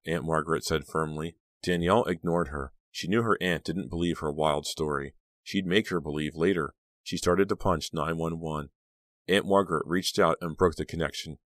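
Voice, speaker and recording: A man narrating an audiobook in an expressive, measured storytelling manner. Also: rumbling low, no echo, clean studio sound.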